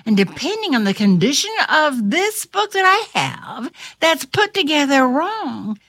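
A woman's voice: high voice, very animated, measured pace, a bit bright, no echo. A woman reading a storybook aloud with theatrical flair, dropping to whispers and rising to cries, then chatting with her listener.

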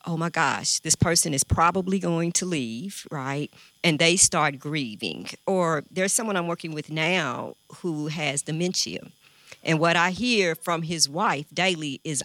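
A woman who works in hospice care, answering a panel question in a calm, measured, explanatory way. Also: low voice, dry recording. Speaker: hospice grief worker.

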